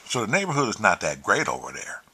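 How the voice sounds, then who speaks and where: Animated, bright-voiced man telling a story. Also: fairly low pitch, fast talker, breathy edge. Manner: profane, animated, acts out quotes. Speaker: host. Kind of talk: casual storytelling.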